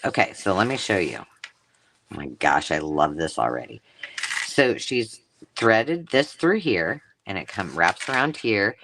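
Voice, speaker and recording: A woman's voice: a bass voice, fairly bright tone, a little hiss or hum. A woman hosting a live craft stream, chatting casually and gushing over mail she unboxes. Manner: gushing and effusive, chatty asides. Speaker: craft channel host.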